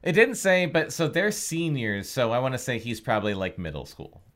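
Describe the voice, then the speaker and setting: A woman's voice: extremely low pitch, sing-song, moderate pace. A woman co-hosting a casual podcast chat, laughing, swearing and reading aloud with playful voices.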